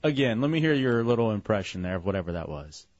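A man's voice: lowish voice, very animated, fast, darkish tone. A man co-hosting a radio show, mocking and sarcastic in casual banter. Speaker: radio co-host. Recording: muffled radio broadcast with faint music.

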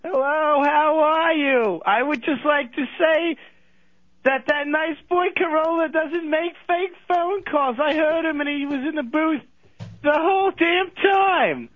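A very high, quavering old man rambles on about how nice someone is. His voice comes through a dry, tinny phone line. He talks slowly and drifts off topic. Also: dry recording. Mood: fawning. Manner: slow, rambling, cries out in pain. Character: doddering old male phone caller, fawning.

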